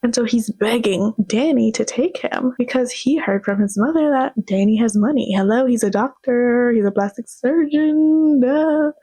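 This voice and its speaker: A woman's voice: on the high side, normal speed, hardly any pauses, warm tone, husky, no echo. A young woman giving a sassy, slang-filled casual movie commentary as host.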